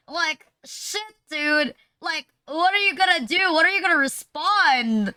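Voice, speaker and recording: A woman's voice: very high-pitched, measured pace, few pauses, bright, forceful tone, no echo. A woman streamer chatting casually on a livestream, rambling crudely with constant "like" fillers and teasing her chat. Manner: mocking, teasing banter with chat. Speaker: VTuber streamer.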